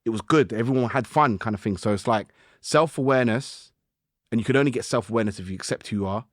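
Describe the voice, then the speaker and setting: A man, a guest musician on a podcast, telling stories in lively slang and acting out his own inner voice. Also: mid-range voice, fast talker, dry recording, clean studio sound. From United Kingdom. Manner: animated storytelling with slang and acted-out self-talk. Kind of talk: casual podcast conversation.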